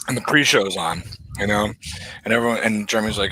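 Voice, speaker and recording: A man's voice: on the low side, animated, very fast, pushed and bright, husky, poor audio. A man hosting a casual chat, telling loose stories with plenty of swearing and laughter.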